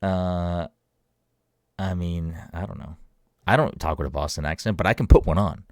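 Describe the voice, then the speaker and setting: Deep-voiced man on a casual podcast. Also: normal speed, a little mellow, dry recording, studio quality. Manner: rambling, laid-back, swears casually. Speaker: podcast co-host. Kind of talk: casual chat.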